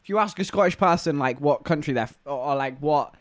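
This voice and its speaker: A man's voice: fairly high pitch, fast talker, no room sound. A man with an English accent, chatting casually and rambling to viewers on a live stream. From England.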